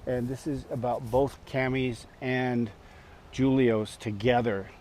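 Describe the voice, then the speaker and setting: A man's voice: medium pitch, fairly even intonation, slow, darkish tone. A man in his sixties telling a story from his past in a casual, rambling way, chuckling, with many fillers and restarts.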